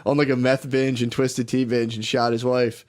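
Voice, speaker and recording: A man's voice: mid-range voice, flat delivery, moderate pace, darkish tone. Profane rambling man telling a story. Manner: rambling, profane, laughing through stories. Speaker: podcast co-host. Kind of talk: casual storytelling chat.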